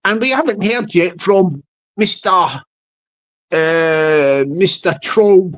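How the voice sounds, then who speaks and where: A man's voice: sits high, drawn-out words, fairly bright tone. A man telling a mocking comic story to his viewers, acting out the people in it and often repeating himself. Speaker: channel host.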